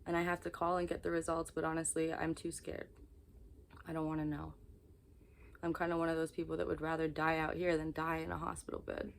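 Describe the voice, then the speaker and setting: A woman's voice: sits low, completely flat delivery, fairly quick, creaky, a little hiss or hum. A young woman talking to camera in a confessional vlog, exhausted, candid and rambling. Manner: candid, rambling, emotionally raw. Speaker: vlogger.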